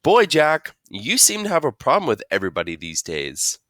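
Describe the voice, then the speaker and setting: A man's voice: a little high, wildly swooping pitch, moderate pace, a bit bright, dry recording, studio quality, voice pushed up. A man voicing a firm, scolding mother in a storybook read-aloud. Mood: reasoning. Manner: scolding, lecturing.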